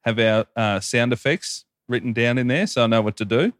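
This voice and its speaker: A man's voice: medium pitch, a little fast, no room sound, clean studio sound. An Australian man co-hosting a podcast, chatting and reading listener messages aloud in an upbeat way. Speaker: podcast co-host.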